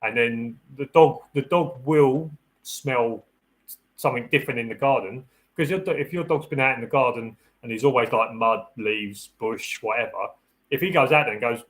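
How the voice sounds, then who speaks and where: A man's voice: medium pitch, normal speed, fairly bright tone, rough recording. Chatty man giving dog-training tips. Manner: practical and chatty, repeats and restarts phrases; acts out the dog's thoughts in a raised voice. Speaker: security dog handler hosting a live Q&A. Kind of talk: casual live-stream advice talk.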